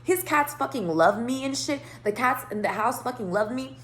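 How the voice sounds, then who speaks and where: A woman's voice: on the high side, moderate pace. Woman rambling through a profane storytime. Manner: rambling, profane, animated retelling. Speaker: vlogger telling a story. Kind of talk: casual storytime monologue.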